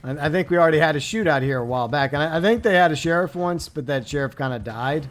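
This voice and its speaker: A high-pitched man talks over a live game stream. He jokes in a mock-sentimental tone and then bursts into loud, outraged exclamations. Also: fast talker, hardly any pauses, soft background music. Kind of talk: live gameplay commentary.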